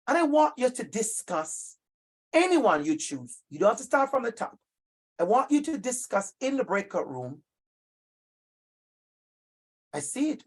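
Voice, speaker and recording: Emphatic husky man presenting. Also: sits high. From Jamaica. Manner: emphatic, animated, calls on participants by name. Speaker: workshop presenter for educators. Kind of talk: interactive online workshop talk.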